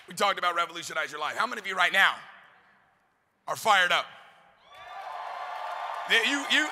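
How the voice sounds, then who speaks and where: A man giving a fast-firing motivational speech to a live audience, pumping up the crowd with call-and-response questions and shouts. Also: sits high, lively intonation, slight background noise. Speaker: motivational speaker. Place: large event hall. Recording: hall reverb, live event.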